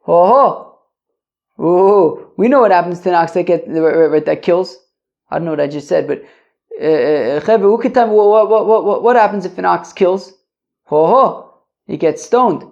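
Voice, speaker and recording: A man's voice: high voice, vocal fry, a little mellow. Guy hosting a talmud podcast, reads a line then rambles thru the meaning, lots of "uh" and repeated words, kinda muffled lo-fi sound. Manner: reads Aramaic lines then explains in loose, rambling English; stumbles and repeats words while searching for phrasing. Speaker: Talmud teacher and podcast host. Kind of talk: casual daily Talmud lesson. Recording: dull lo-fi podcast audio.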